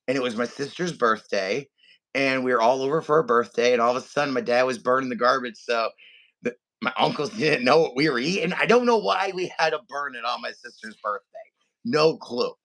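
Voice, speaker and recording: A man co-hosting a podcast, telling a family story in animated casual chat and acting out his relatives' voices. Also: mid-range voice, brisk, gravelly. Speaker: podcast co-host.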